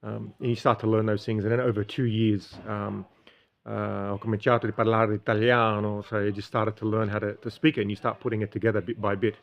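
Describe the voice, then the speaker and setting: A man's voice: on the low side, little pitch movement, a little fast, vocal fry. An Australian man from Sydney explaining a study method in a casual, rambling monologue with many ums and restarts. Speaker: streamer.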